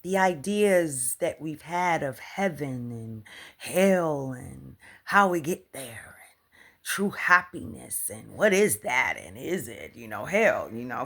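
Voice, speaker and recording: Woman, slightly low voice, casual spiritual talk, colloquial and animated, often drops to a whisper. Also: gravelly. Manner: animated and chatty, often laughing and dropping to a whisper; colloquial, repeats "for real" and "come on". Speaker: spiritual author and life coach.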